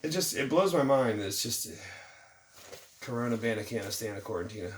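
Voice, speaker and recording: A man's voice: medium pitch, expressive, fairly quick, a little hiss or hum. Sarcastic man ranting, roomy sound. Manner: mocking, irritated, jokey asides. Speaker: vlogger. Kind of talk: sarcastic news commentary rant. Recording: roomy, distant from the mic.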